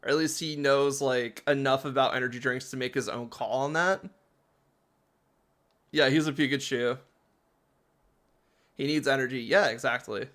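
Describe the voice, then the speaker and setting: A man's voice: mid-range voice, fairly even intonation, moderate pace, long pauses, a bit bright. A man giving casual, rambling commentary while playing a game, often laughing.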